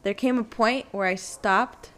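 A woman's voice: mid-range voice, measured pace, fairly bright tone. A woman on a podcast telling a story in casual chat, acting out her own quotes and swearing freely. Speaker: podcast guest.

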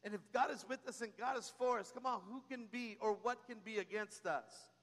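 Speaking fairly quickly in a high-pitched, fairly bright voice, this man preaches as a pastor and rallies the congregation through call-and-response. The long reverb of a big hall fills the recording from the church sanctuary.

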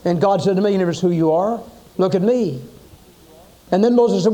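A man's voice: sits high, moderate pace, dark tone. A man preaching a sermon, telling Bible stories dramatically and acting out the quoted voices.

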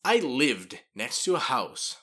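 A man co-hosting a casual podcast, relaxed and dry as he agrees and tells his own stories. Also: mid-range voice, slow, husky. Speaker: podcast co-host.

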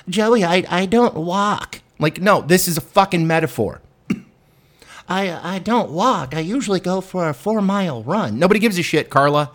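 Swearing, animated male podcast ranter. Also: medium pitch. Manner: profane, self-deprecating, emphatic. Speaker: podcast host. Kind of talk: profane monologue rant.

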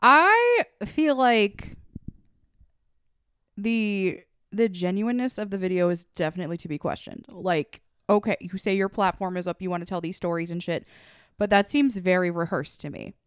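A woman co-hosting a comedy podcast, talking in a measured, thoughtful casual way. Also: expressive, clean tone, no room sound, clean studio sound. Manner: thoughtful, measured, with "like" and "low-key". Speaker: podcast co-host.

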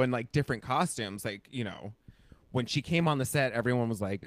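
A man's voice: medium pitch, a little fast, no echo. A man co-hosting a podcast in casual chat, rambling and full of fillers. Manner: chatty, rambling with many fillers. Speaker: podcast co-host.

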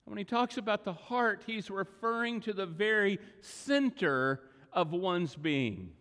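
A middle-aged man with a notably high voice delivers an earnest sermon. He slows down and leans on single words for emphasis. The sound rings with the long reverb of a large church hall. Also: expressive, fairly bright tone. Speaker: pastor. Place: church sanctuary.

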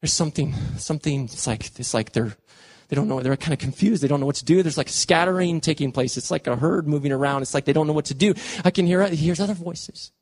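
A man's voice: a little high, fast, darkish tone, husky, voice pushed down. A preacher voicing a screaming tormented possessed man. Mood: bewildered. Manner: screaming, pleading, raw anguish.

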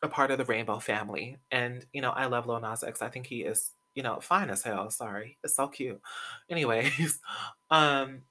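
Young male podcast host, crisp bright voice, mid-range pitch, loose gossipy commentary with plenty of swearing. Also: normal speed. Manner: chatty, gossipy, swears freely, laughs often. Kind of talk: casual pop-culture commentary.

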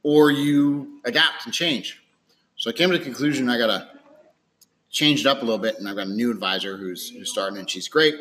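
Bright-voiced man on a podcast. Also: mid-range voice, slight background noise. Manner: chatty, agreeable, quick interjections. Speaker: podcast co-host, financial advisor. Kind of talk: casual chat.

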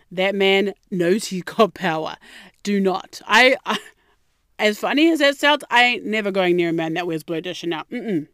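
A woman's voice: mid-range voice, clear, resonant tone, no room sound, studio quality. A young woman telling a personal story in a blunt, sassy way, swearing heavily as she talks straight to her viewers. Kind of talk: candid storytelling monologue.

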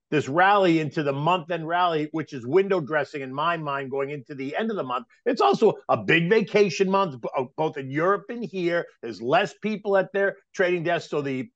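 A man's voice: on the high side, dry recording, muffled recording. A man as a guest commentator talking markets in a conversational way, with restarts. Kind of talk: casual market talk.

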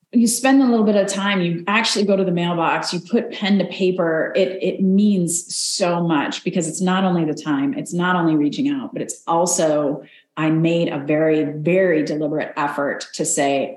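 A woman speaks as a podcast guest, earnest and animated as she tells her stories. Her voice sits on the low side, and the room around her rings with noticeable echo. She slips into quoted voices as she talks. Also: normal speed. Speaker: podcast guest, Army Ranger. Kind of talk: conversational interview.

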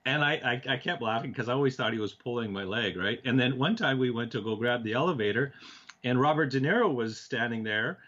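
A man from Canada, a TV producer, telling animated stories as an interview guest, acting out quoted dialogue with frequent restarts. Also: medium pitch, a little fast, muffled recording. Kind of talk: casual storytelling in a talk-show interview.

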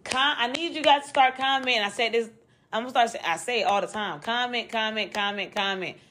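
A woman hosting a true-crime podcast alone, talking casually and quickly in loose slang and swearing freely. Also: fairly high pitch, a bit bright. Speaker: podcast host. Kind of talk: casual solo podcast chat.

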